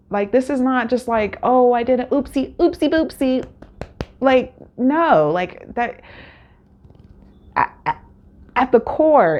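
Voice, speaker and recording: A woman's voice: fairly high pitch, a little mellow. A woman hosting a casual solo recap, talking candidly with many fillers and acted-out quotes. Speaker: show recap host.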